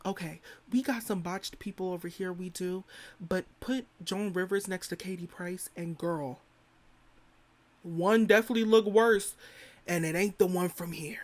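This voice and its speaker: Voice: mid-range voice, normal speed. A podcast host from the United States giving a casual opinion rant in a sassy, blunt way, repeating punchlines.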